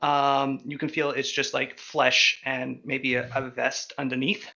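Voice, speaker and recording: A man's voice: medium pitch, flat delivery, unhurried, gravelly, sharp tone. A man running a tabletop game as game master, narrating hesitantly with many ums and uhs. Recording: dull lo-fi audio.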